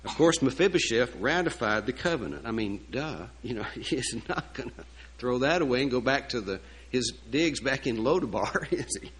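A man's voice: medium pitch, lively intonation, moderate pace, low-quality recording. A male pastor preaching a sermon, telling a story with folksy asides and rhetorical questions.

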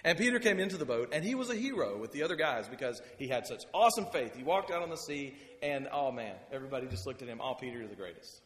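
A man's voice: on the high side, very animated, fast talker, hardly any pauses, a bit bright, slight background noise. A man preaching a sermon in a conversational storytelling way, with chatty asides. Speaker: pastor. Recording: long hall reverb.

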